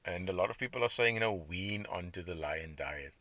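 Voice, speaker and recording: Hosting his own casual diet podcast, a man speaks briskly in a low-pitched voice that is pushed and bright. His monologue rambles along in a conversational way as he responds to comments from chat, and the sound is dry with no echo.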